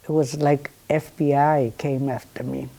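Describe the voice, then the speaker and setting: Older Polish-accented woman, deep and mellow, unhurried witness testimony. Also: little pitch movement, creaky. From Poland. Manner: unhurried storytelling, acts out remembered dialogue. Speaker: Holocaust survivor giving testimony. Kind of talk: personal testimony to students.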